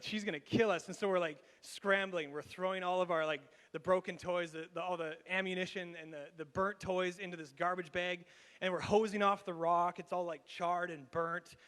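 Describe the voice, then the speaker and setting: A Canadian man preaching in a church, his fairly high voice trailing off into a long hall reverb. He tells his story in an animated way, with laughs and quick restarts. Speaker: pastor. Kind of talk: storytelling sermon. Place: church sanctuary.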